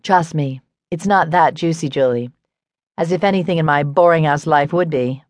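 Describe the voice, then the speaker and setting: A woman's voice: sits low, normal speed, darkish tone, dry recording, close to an everyday voice. A woman voicing a guarded adult woman who talks in a dry drawl, in a dry audiobook recording.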